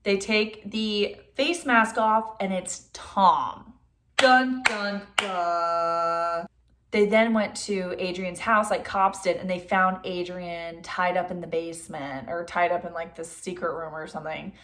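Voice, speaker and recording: A woman's voice: on the low side, steady tone, a bit bright. A young adult woman casually retelling a film's plot for her channel in a chatty way, with lots of "like" fillers. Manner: chatty, says "like" a lot; acts out characters' lines in quick voices. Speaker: movie reviewer.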